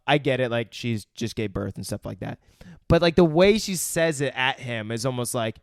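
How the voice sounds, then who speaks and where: Profane, animated male podcast host. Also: medium pitch, normal speed, creaky, no room sound, clean studio sound. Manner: profane, animated, recaps scenes acting out lines. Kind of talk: casual movie review chat.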